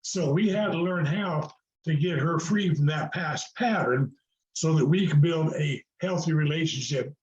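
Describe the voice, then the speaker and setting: A man's voice: a little high, a little slow, a little mellow. Older guy on a video call, earnest preachy storytelling, kinda roomy and muffled. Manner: earnest, preacherly, repeats himself with fillers. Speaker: guest. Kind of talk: conversational storytelling.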